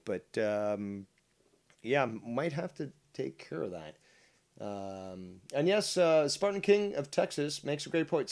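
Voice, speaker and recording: A man's voice: medium pitch, vocal fry. Man, call-in show host, sarcastic, filler-heavy retorts, casual live chat.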